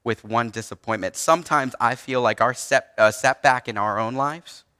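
Young man, preacher, earnest casual storytelling, bright voice, long hall echo. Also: mid-range voice, normal speed, smooth. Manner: casual, earnest storytelling with many restarts and fillers. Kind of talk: personal story in a sermon.

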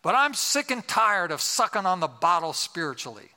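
A preacher doing a gruff crusty old farmer. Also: male voice, high-pitched, big pitch swings, moderate pace, bright, forceful tone, big-room sound, exaggerated voice. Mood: defiant. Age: older. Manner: gruff, emphatic declarations. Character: crusty old male farmer and church boss.

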